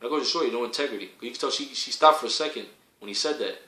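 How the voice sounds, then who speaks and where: Fiery ranting man, bright echoey voice. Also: mid-range voice, very fast. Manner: fiery, profane, repetitive, rising to shouts. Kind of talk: heated preaching rant.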